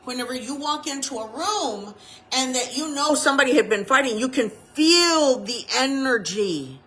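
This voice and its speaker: A woman chaplain preaches a casual sermon with a bright, slightly high voice. She speaks frankly and in a chatty way, repeating phrases as she tells her stories. The room is echoey, with a faint hiss behind her. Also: lively intonation, moderate pace. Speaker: chaplain and reverend. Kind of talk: informal sermon.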